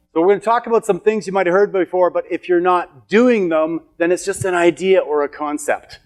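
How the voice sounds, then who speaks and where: A middle-aged man giving a motivational seminar talk to an audience, telling stories with emphatic, repetitive phrasing. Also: a little high. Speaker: motivational speaker. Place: event hall with an audience.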